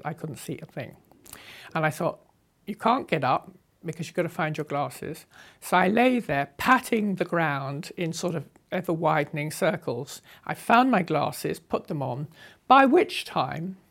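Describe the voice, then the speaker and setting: A woman in her eighties, unhurriedly telling a story from her past as an interviewee, with a wry touch and soft laughs. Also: lowish voice. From England. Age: 80s. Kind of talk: reminiscing storytelling.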